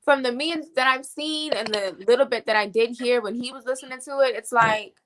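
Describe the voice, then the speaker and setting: A woman's voice: on the high side, a little fast, fairly bright tone, a little hiss or hum. A woman as a podcast guest in casual group chat, bluntly challenging the host, with lots of "like".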